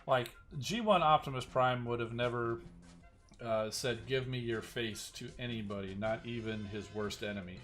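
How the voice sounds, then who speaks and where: A man's voice: mid-range voice, normal speed, fairly bright tone, soft background music. A man hosting a game live stream, chatting casually and rambling, often restarting his sentences and answering viewers. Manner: rambling, with many restarts and asides to chat.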